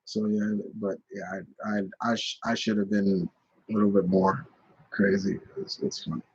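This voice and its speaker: A man's voice: lowish voice, level tone, normal speed, darkish tone, husky, muffled recording. A man hosting a live question-and-answer stream, telling stories in a rambling casual way with many restarts.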